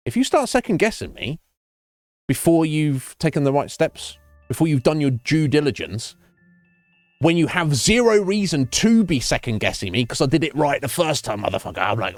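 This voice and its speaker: A young man streaming, telling a profane, animated story about a coffee job and acting out the people in it. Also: mid-range voice, normal speed, no echo, studio quality. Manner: profane, animated ranting with voiced quotes. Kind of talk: ranting story while streaming a game.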